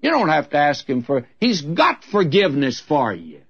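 A man's voice: a little high, wildly swooping pitch, moderate pace, a bit bright, slightly rough, dry recording, lo-fi sound. A man preaching an expository sermon as a radio Bible teacher, earnest and folksy, with candid humorous asides.

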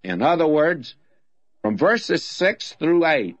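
A man's voice: takes it slowly, no room sound. An older man with a Southern American accent, teaching the Bible on the radio in a folksy, emphatic way. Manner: folksy, emphatic with lively swings of pitch. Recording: dull lo-fi old radio recording.

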